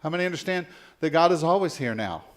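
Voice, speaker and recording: A man preaching a sermon as pastor, leading the congregation in call-and-response and swinging between soft and loud passages. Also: a little high, lively intonation, fast talker.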